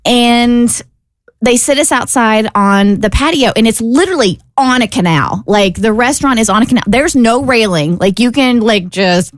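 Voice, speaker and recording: A woman co-hosting a radio show, telling a vacation story with animated, gushing delivery and laughter. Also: fairly high pitch, normal speed, no echo, clean studio sound.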